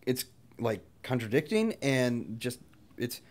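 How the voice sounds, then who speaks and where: A man's voice: medium pitch, very animated, takes it slowly. A young man co-hosting a casual movie review podcast, earnest and often searching for his words. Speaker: podcast co-host.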